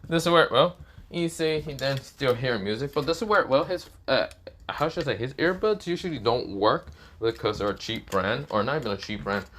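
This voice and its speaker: A man's voice: medium pitch, animated, brisk, fairly bright tone, a little hiss or hum. Guy making up a story as he goes, lots of "this is where, well", swears casually. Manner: rambling, filler-heavy, casual swearing. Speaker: fan story narrator. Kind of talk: improvised story narration.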